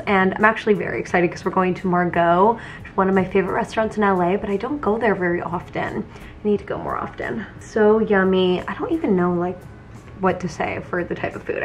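A young woman chatting to her vlog camera from her home office, loose and conversational, her sentences full of "like" and "um". She sounds tired. Faint noise sits under her voice. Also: medium pitch. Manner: chatty, lots of "like" and "um". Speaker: vlogger. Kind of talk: casual vlog chat.

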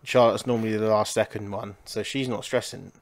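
A man's voice: lowish voice, steady tone, fairly quick. A man co-hosting a podcast, chatting casually and swearing, with slang like "innit" and "bro". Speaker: podcast co-host. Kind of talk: casual chat.

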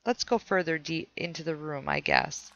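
A woman's voice: low voice, normal speed, vocal fry, a bit bright, dull audio. A woman streamer playing a horror game, chatting with her viewers and reading the notes she finds aloud. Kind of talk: casual let's play commentary.

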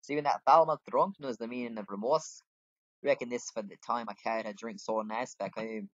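A man voicing a gruff, blunt male tavern keeper in a put-on brogue, reading game dialogue aloud. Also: medium pitch, a little fast, a bit bright, no echo, close to an everyday voice. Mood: hearty. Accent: put-on Scottish-style brogue. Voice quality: rough, hearty, calls people laddie. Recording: dull lo-fi home mic.

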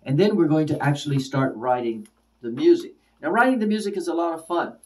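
Mellow-voiced male teacher, slightly distant. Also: fairly high pitch, expressive. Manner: repeats example words slowly with varied stress. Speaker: ESL teacher. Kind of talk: spoken lesson for teachers.

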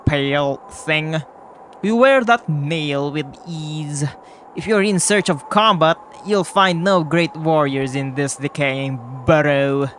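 A man voicing a proud mantis warrior from a video game, with a slow, put-on accent that keeps slipping. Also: a little high, fairly bright tone, a little hiss or hum. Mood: haughty.

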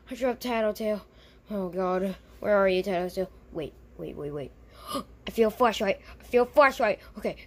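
Nervous young guy talking to himself, high voice, woman doing it, fan drama. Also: lightly acted. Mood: anxious. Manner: nervous, exclaiming, talks to himself. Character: jumpy, easily scared young man exploring a dark house.

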